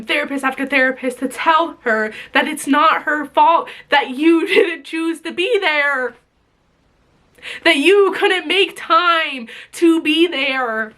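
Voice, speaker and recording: A woman's voice: high voice, pushed and bright. A young woman venting straight to camera, bitterly sarcastic and swearing, her voice sometimes breaking. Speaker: vlogger. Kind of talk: emotional direct-to-camera rant.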